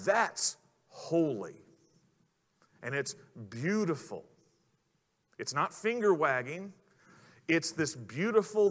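A man preaching a sermon in an earnest way, putting questions to the congregation. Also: fairly high pitch. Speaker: pastor. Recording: long hall reverb.

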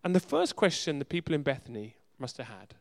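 A man's voice: mid-range voice, big pitch swings, a little fast, creaky. A man preaching a sermon with emphasis, firing off rhetorical questions and repeating words for stress. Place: church in a city.

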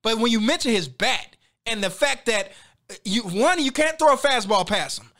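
A man hosting a sports podcast in energetic, slangy casual talk, hooting and hyping his team. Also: very high-pitched, moderate pace. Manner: energetic, slangy, shouts and hoots.

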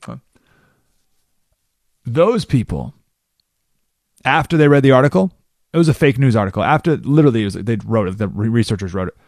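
A man hosting a talk radio show, explaining ideas in a monologue and acting out the people he quotes in quick character voices. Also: medium pitch, animated, a little mellow, no echo, studio quality. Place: radio studio.

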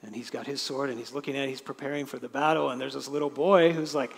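A male pastor giving a sermon. He swings from loud, emphatic declarations to hushed, near-whispered lines, with conversational asides and light laughs. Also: mid-range voice, steady tone, fast talker, vocal fry, long reverb tail.

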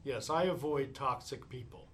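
A man teaching meditation in a live talk, telling stories in an animated way and chuckling often while answering questions. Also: mid-range voice, moderate pace, slight background noise.

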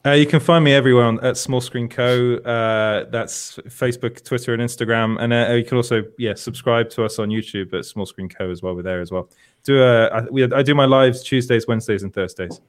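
A man as a guest in a casual chat, relaxed and measured, sometimes restarting his sentences. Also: medium pitch, clean tone. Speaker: podcast guest.

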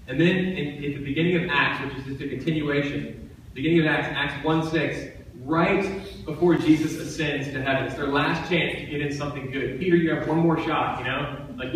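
A man's voice: on the high side, far from the mic, slight background noise. A man giving a sermon as pastor, preaching in a conversational way and repeating phrases for emphasis. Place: church sanctuary. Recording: echoey church hall from off-mic.

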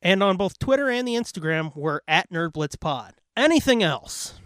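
A man's voice: a little high, expressive, moderate pace, a bit bright, clear, resonant tone, no echo, studio quality. A man hosting a podcast, casually plugging links and swearing as he rambles. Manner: profane, rambling, laid-back. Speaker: podcast host. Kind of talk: casual podcast outro with plugs.

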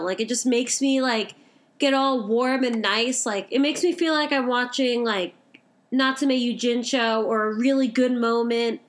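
High-voiced gushing young woman. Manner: gushing, heavy use of "like". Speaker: podcast co-host. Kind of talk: casual anime chat.

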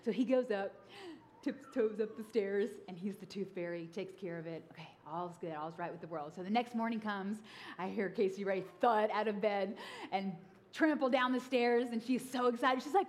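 Woman pastor, thirties, funny storytelling sermon, a touch high-pitched, faint background noise. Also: moderate pace. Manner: lively, humorous, acts out voices.

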